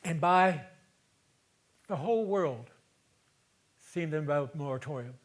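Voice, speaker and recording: A man's voice: fairly high pitch, expressive, takes it slowly. Older man telling a story onstage. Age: 70s. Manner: conversational, swings between loud emphasis and hushed asides. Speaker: solo stage performer. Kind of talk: theatrical storytelling monologue. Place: theater stage.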